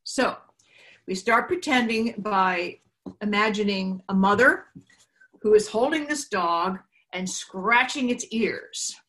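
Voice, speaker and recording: A woman leading a children's talk at church, telling a story gently and slowly. Her voice sits at a middle pitch and she uses simple props as she goes.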